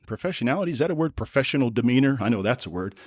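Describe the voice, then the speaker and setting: A man's voice: mid-range voice, lively intonation, racing, darkish tone, no echo, studio quality. A man from the United States hosting a podcast, telling a travel story in a casual, rambling way with wry asides and self-corrections. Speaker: podcast host.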